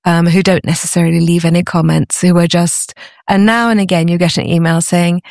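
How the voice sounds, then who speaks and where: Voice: mid-range voice, level tone, brisk, gravelly, no echo, clean studio sound. A guest speaking enthusiastically in an interview, with many fillers and restarts. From Britain. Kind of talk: conversational interview.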